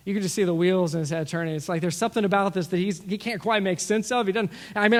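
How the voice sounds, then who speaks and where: A middle-aged man preaching a sermon as pastor, telling stories with lively asides and acting out what people said. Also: high voice, fast talker, few pauses. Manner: storytelling, animated with asides and acted-out quotes. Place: church sanctuary. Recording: long reverb of a large hall.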